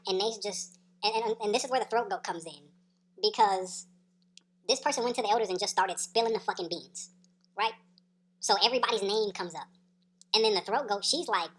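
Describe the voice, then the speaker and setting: A woman with a fairly high voice spins a personal story time tale in loose, profane slang. She keeps checking in with "right?" and breaks into laughs between beats. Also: fairly bright tone. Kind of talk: casual story time monologue.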